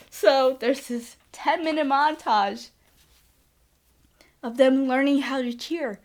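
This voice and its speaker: Young female podcast host, sarcastic and chatty, a bit high-pitched, casual recap. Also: expressive, unhurried. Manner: sarcastic, chatty, says like a lot.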